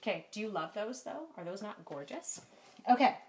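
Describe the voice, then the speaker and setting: In a live-stream card-making class from her home craft room, a middle-aged Canadian woman talks in an animated, mid-range voice at a moderate pace. This chatty, self-deprecating stamping demonstrator addresses viewers by name, and her camera mic captures heavy background noise.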